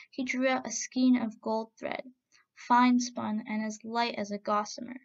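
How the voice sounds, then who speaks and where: A woman reads a folk tale aloud in a steady, expressive way. Her voice is slightly high and has a gravelly, creaky edge. The recording sounds dull and lo-fi. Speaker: storyteller. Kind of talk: storybook narration.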